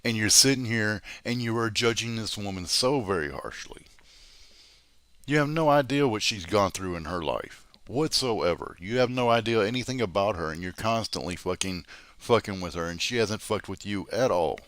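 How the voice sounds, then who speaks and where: A low-pitched man tears into someone in a swearing, berating rant. His voice sounds dry and close, with no room echo. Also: lively intonation, moderate pace, fairly bright tone. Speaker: drama commentary host. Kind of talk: angry profane rant.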